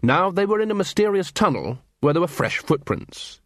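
A man's voice: high voice, very animated, moderate pace, dry recording. Man narrating a story, dry sound. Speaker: audiobook narrator. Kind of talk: scripted narration.

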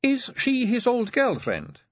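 A man reading aloud voices a young female vampire with a probing, gently teasing manner. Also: on the high side, huge pitch swings, takes it slowly, no echo, highs cut off, voice pushed up, heavily acted. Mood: prying. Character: sharp-eared young female vampire, coaxing.

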